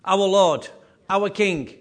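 A man preaching a sermon with emphatic, repetitive phrasing, his voice rising and falling in loudness. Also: high voice, slow. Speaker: pastor.

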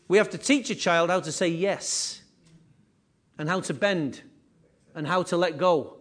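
High-voiced man preaching a sermon. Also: a little slow, long pauses. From England. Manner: animated preaching with repetition and asides. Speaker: pastor.

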